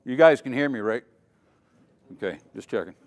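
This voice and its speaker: A man's voice: medium pitch, expressive, normal speed. An older man giving a dramatic safety lecture at a conference, quizzing the audience as he goes. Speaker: safety trainer. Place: conference hall. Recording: long hall reverb.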